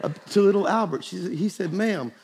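A man's voice: high-pitched, normal speed. A man preaching a folksy, joking sermon to a conference crowd in a large hall. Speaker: pastor. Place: large hall with live audience. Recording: long hall reverb, faint crowd and noise.

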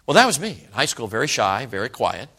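A bright-voiced man preaches a sermon and tells his own stories in an animated way. He speaks straight to the congregation and often asks them questions. He sounds middle-aged. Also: medium pitch, fast. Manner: animated storytelling, addresses the congregation directly.

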